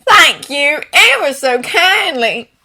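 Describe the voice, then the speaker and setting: A woman voicing an anxious, wry young man in a fanfiction audio reading, speaking loudly and strained. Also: wildly swooping pitch, moderate pace, exaggerated voice. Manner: loud, strained, pitched high.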